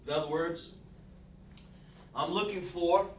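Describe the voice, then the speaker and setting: A man leads a laid-back lesson at a whiteboard, speaking in a slightly high voice and in a folksy, repetitive way, calling out to his students as he goes. He sounds distant from the mic, and the room gives his voice a hollow echo. A faint hum of room noise sits underneath. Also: slow. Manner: relaxed, folksy, repeats himself and addresses students directly. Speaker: teacher. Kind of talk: casual classroom lesson streamed online.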